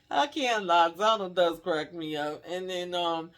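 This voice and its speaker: A woman's voice: on the low side, animated, takes it slowly, a bit bright. A chatty woman runs through a TV episode recap in loose, casual talk. She laughs often and slips into the characters' lines as she retells scenes. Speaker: TV recap host.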